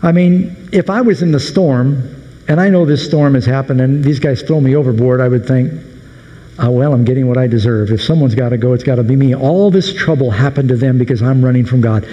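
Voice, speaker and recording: A man's voice: medium pitch, fairly quick, lo-fi sound. Man preaching in an echoing hall. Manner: animated storytelling, acting out the sailors' panicked questions. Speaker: pastor. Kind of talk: sermon. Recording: long hall reverb.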